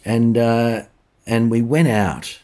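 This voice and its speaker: A middle-aged Australian chef, a podcast guest telling long anecdotes in casual interview talk, with many restarts and fillers. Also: male voice, medium pitch, fairly even intonation, slow pace, warm tone.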